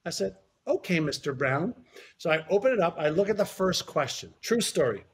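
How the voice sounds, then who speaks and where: A man telling a personal story as a guest in a conversation, animated, repeating words for emphasis and swearing casually. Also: high-pitched, a little fast, a little hiss or hum.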